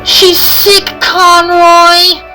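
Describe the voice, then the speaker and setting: A woman voicing a kind female train engine, sweet and concerned in a high voice. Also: slow, sharp tone, soft background music, exaggerated voice.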